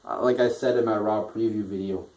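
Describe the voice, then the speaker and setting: A young man rants casually and profanely while reviewing a wrestling show, growing frustrated and worked up and restarting his sentences again and again. His fairly low voice is steady in tone, slightly mellow, and fairly quick.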